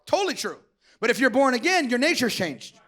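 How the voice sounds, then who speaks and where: Fiery preacher man, high and bright voice, raspy edge, shouts often in church. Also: big pitch swings, brisk. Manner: shouting, joking, calls for amens. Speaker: pastor. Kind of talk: energetic sermon.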